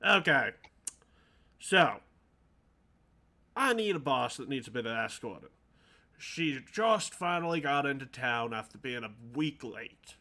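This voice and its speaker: A man voicing a gruff shopkeeper in a tabletop game, putting on a gravelly voice. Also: medium pitch, very animated, unhurried, long pauses, pushed and bright, heavily acted. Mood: businesslike. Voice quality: gravelly put-on voice. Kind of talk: tabletop role-play voice acting.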